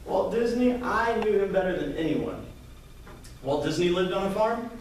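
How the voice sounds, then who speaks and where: A man from Kentucky giving a lively storytelling pitch to a live audience, acting out the dialogue as he goes. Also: normal speed, a little hiss or hum. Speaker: entrepreneur presenter. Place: live event room, indoors. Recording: echoey room, mic far off.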